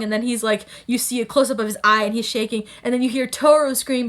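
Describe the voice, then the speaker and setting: A woman recapping an anime episode in a casual vlog, excitable, swearing freely and exclaiming loudly. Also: high voice, fast talker, hardly any pauses. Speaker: anime reviewer.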